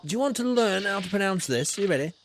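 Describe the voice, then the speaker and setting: A man streaming a game live, talking as a theatrical, old-fashioned gentleman explorer and greeting chat viewers by name. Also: high voice, lively intonation, fast talker, background noise. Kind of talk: live game commentary in a role-play persona.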